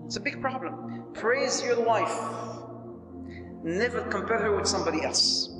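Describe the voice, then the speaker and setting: A man preaching to a live audience. He tells stories in an animated way, acts out the voices and mixes Arabic phrases into his talk. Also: high-pitched, measured pace, long reverb tail, music in the background. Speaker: Islamic preacher.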